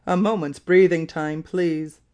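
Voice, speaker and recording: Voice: mid-range voice, fairly even intonation, unhurried, a little mellow, lightly acted. A reader voicing a dutiful male army captain in an audiobook, reading out figures carefully and a little hesitantly.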